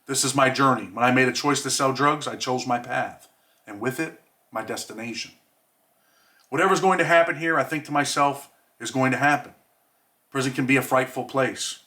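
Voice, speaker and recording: A man from New York reading aloud from his own memoir in a measured, reflective way. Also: medium pitch, pushed and bright. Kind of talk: audiobook reading.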